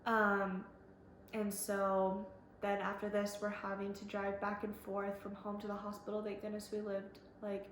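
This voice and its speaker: Young woman, casual storytelling, flat delivery, echoey room, faint background hiss. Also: medium pitch, a little slow. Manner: chatty, fillers, quotes others. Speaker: vlogger.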